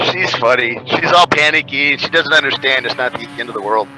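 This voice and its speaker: A man's voice: medium pitch, a little slow, sharp tone, soft background music, low-quality recording. A man on a race broadcast crew, chatting and joking loosely while he sets up cameras. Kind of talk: casual chat over the broadcast.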